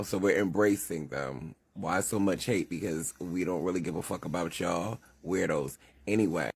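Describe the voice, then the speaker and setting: A man's voice: low voice, husky. A man delivering a heated, indignant rant to the camera, scolding and swearing. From United States. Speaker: social media commentator.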